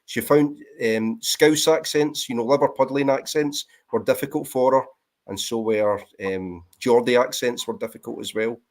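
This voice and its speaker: A Scottish man from near Glasgow talks in a casual livestream panel chat. His voice sits in a middle register, and he speaks slowly and clearly, with a storyteller's ease. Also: medium pitch. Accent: Scottish, Greenock near Glasgow. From Scotland. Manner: chatty storyteller, measured and clear. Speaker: panel guest.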